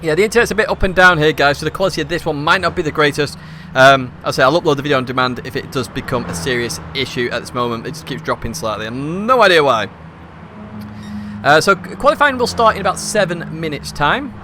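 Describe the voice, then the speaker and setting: A man with a bright, forceful voice, commentating a live online race in a chatty, rambling way full of fillers. His pitch sits a little high for a man, and his voice is slightly hoarse. He streams from a hot room at home. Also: expressive, fast talker, slight background noise.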